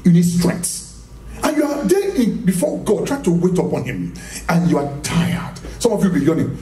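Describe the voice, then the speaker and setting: His voice is high and dark, with huge pitch swings at normal speed, and faint music sits behind it. Preaching in a reverberant church hall on a distant mic, this man is emphatic and repetitive, quizzing the congregation and laughing as he goes.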